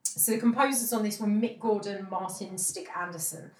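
A woman's voice: medium pitch, normal speed, echoey room. A woman co-hosting a podcast, chatting casually and enthusiastically about games and laughing often. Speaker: podcast co-host. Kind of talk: casual chat.

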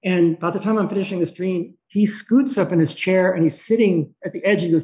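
A man telling a personal story in a halting, emotional way, pausing and restarting often. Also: high voice, warm tone. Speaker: speaker sharing a personal story. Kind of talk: personal storytelling, reflective monologue. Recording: dull lo-fi recording.

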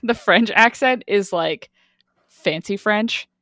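A woman's voice: medium pitch, slow, fairly bright tone, no echo, studio quality. A young woman from Quebec in casual chat, chatty and laughing often. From Quebec, Canada.

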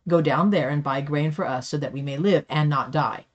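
A woman's voice: deep voice, moderate pace, muffled recording. A woman reading the lines of a worried old father urging his sons. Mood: concerned.

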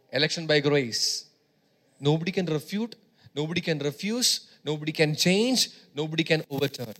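A man's voice: on the high side, moderate pace, fairly bright tone. A male preacher giving a sermon, emphatic, repeating phrases and urging his congregation on.

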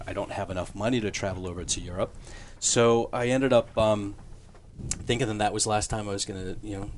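A man's voice: on the low side, slight background noise. A man in his fifties, a priest, telling his conversion story as a radio guest in an earnest, conversational way with fillers.

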